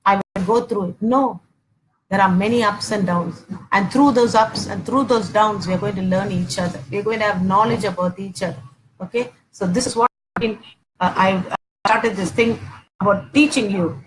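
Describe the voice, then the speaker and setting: A forties-aged woman gives a teaching sermon about Christian marriage over background noise, her voice mid-range and her pace normal. She acts out household spats, repeats herself a lot, and sprinkles in "okay" frequently.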